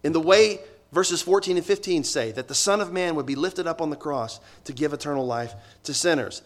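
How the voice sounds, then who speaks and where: A man preaching a sermon, slowing down and stressing key words, then dropping low and quiet for asides. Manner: swings between loud emphasis and low, quiet asides.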